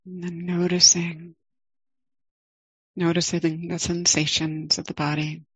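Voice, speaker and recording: A middle-aged woman leading a guided meditation, speaking calmly and gently with long pauses. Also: fairly low pitch, breathy edge, dry recording, poor audio. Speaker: meditation teacher.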